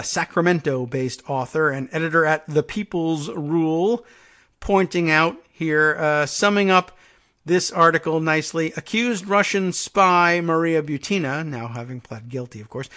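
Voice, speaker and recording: Man, political talk host, sardonic, rambling asides, slightly high voice. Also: a little slow, bright, forceful tone. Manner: sardonic, rambling, thinks aloud with many fillers. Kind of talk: casual political commentary, reading articles aloud.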